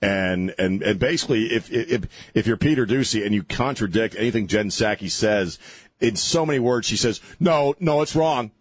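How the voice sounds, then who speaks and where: A man's voice: on the low side, normal speed, husky, dry recording. A man hosting talk radio, ranting sarcastically through an opinionated monologue and often restarting his sentences.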